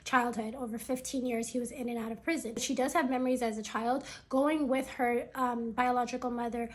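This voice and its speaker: A woman's voice: fairly high pitch, fairly even intonation, fairly quick. A woman casually retelling a personal story about someone else's family, chatty and full of fillers.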